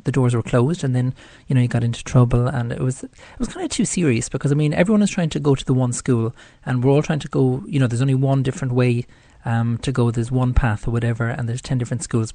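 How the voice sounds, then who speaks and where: A man's voice: mid-range voice, dark tone, dry recording. A man with an Irish accent hosting a live radio show, talking in a chatty, rambling way. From Ireland. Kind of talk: casual live radio talk.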